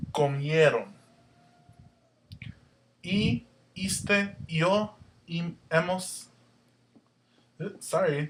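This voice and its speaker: A man's voice: on the high side, background noise. A young man hosting a casual language tutorial, explaining step by step and spelling out word endings letter by letter. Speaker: host, Spanish tutor. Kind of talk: casual whiteboard lesson.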